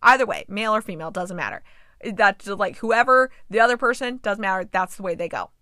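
This podcast host, a young woman, chats about a movie's storyline and voices the characters with disbelieving reactions as she recaps it. She speaks briskly in a mid-range voice that sounds pushed and bright. The sound is clean studio audio with no room ambience.

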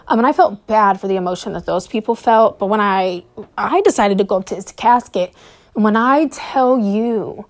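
Woman podcast host, solo story monologue, halting, nervous, a little breathless, mid-pitched. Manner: hesitant, with frequent pauses and fillers.

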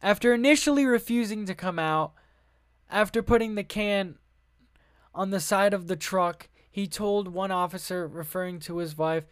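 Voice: medium pitch, moderate pace, clean tone, no room sound, clean studio sound. A podcast host who reads news articles aloud in a casual way, with many fillers, restarts, offhand asides and frank swearing. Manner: offhand asides between read passages.

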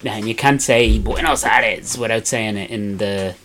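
A man's voice: fairly low pitch, fairly bright tone, slight background noise. Self-mocking Irish man telling stories. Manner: self-deprecating, laughs often, halting restarts. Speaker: podcast co-host. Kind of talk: casual storytelling chat.

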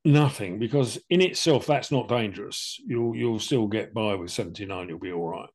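An older man with a fairly low voice tells his cancer story animatedly at normal speed, with hardly any pauses. As a podcast co-host he speaks casually, chatty and plain-spoken, acting out both sides of conversations.

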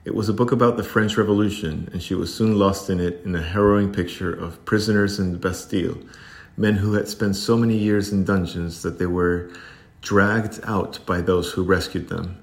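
Deep-voiced man reading a storybook. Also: fairly even intonation, normal speed. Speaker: audiobook narrator. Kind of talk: storybook narration.

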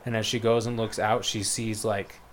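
A man chats casually and rambles through a retelling, full of fillers and quick quoted lines. His voice sits low and barely moves in pitch. A faint hiss of room noise stays under him. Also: level tone. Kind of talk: casual chat, retelling a book plot.

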